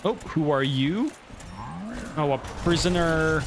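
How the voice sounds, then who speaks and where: A man's voice: fairly high pitch, very animated, unhurried, background noise. A man giving casual let's play commentary, thinking aloud and cursing when the game goes badly.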